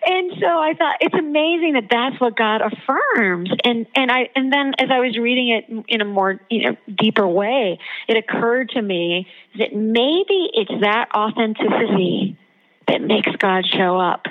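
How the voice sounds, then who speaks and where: Animated woman guest, lo-fi audio. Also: on the high side, measured pace. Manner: animated, emphatic storytelling. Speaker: guest author and theologian. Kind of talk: podcast interview.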